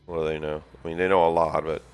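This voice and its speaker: A man co-hosting a casual chat, telling a story with lively impressions. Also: fast talker, clean tone, faint music behind. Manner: animated storytelling, swings into loud high impressions. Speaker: podcast co-host. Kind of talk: casual chat while painting miniatures.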